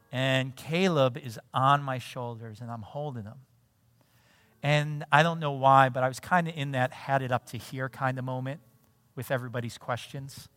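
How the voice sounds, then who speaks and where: Man, middle-aged, pastor, animated sermon story, mid pitch, dry sound. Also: dry recording. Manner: animated storytelling, acts out dialogue. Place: church sanctuary.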